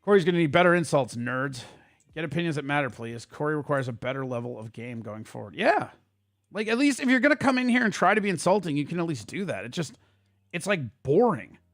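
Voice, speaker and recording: A man hosting a casual livestream, ranting at his chat in a quick, profane and heated way. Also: fairly high pitch, big pitch swings, dry recording, studio quality. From Italian heritage. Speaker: streamer host.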